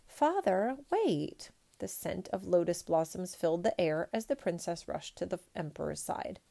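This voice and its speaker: A woman reading a picture book aloud in a measured, expressive storytelling manner. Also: lowish voice, creaky.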